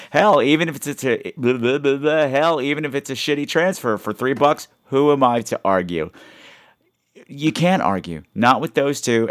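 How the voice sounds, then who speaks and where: A man's voice: mid-range voice, fairly bright tone. A man hosting a horror movie podcast in casual chat, rambling with self-mocking jokes and reading listener emails aloud. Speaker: podcast host.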